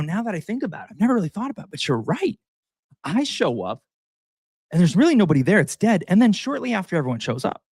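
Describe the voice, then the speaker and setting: A man with a slightly high voice hosts a casual livestream. He rambles in an animated way and talks straight to the people watching. The sound is dry and close. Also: no echo. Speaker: livestream host.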